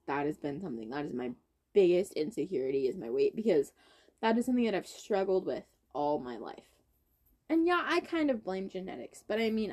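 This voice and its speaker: Lively young woman telling a story. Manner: animated storytelling, quotes others with big pitch swings. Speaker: podcast co-host. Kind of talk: casual chat.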